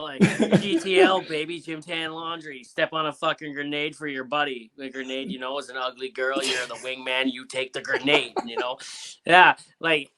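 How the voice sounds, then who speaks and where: A man's voice: medium pitch, bright, forceful tone. A man from Canada hosting a podcast, telling stories in a rambling casual way with lots of fillers. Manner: rambling storyteller, many fillers. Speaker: podcast host. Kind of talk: casual chat.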